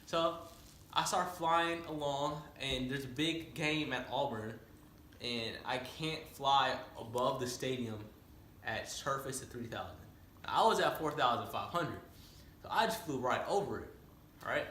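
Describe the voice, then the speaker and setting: A man, a student pilot, telling a story in a casual way, rattling off radio calls in quick aviation jargon and explaining the terms. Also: medium pitch, fairly bright tone, roomy sound, slight background noise. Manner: explains terms to a listener, often asking "right?".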